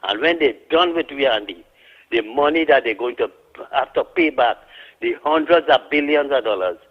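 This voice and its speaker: A man's voice: mid-range voice, expressive, moderate pace. A man with a Trinidadian accent calling in to a radio show, ranting indignantly. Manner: heated, indignant. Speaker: caller. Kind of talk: call-in radio rant. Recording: muffled phone line.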